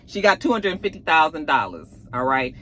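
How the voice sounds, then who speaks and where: A woman's voice: low voice, big pitch swings, fairly quick, pushed and bright, slight background noise. A woman recapping a TV episode in a sassy, casual way, full of fillers and asides. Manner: chatty and sassy, with plenty of fillers. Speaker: TV recap vlogger.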